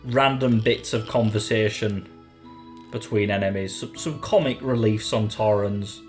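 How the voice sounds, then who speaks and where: A man's voice: on the low side, unhurried. A British man co-hosting a casual podcast, joking and riffing, laughing often. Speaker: podcast co-host. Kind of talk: casual banter. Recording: faint music bed behind.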